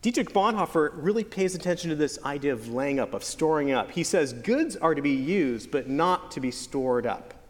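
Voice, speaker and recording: A man preaching a sermon as pastor, earnest with playful joking asides and slow, stretched emphasis on key phrases. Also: a little high, lively intonation. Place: church sanctuary. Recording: long church hall reverb.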